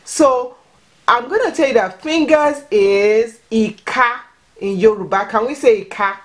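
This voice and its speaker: A woman's voice: fairly high pitch, a little slow. Encouraging woman teaching children at home. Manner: encouraging and patient, repeats and prompts words. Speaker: vlogger teaching Yoruba to children. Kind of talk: home language lesson.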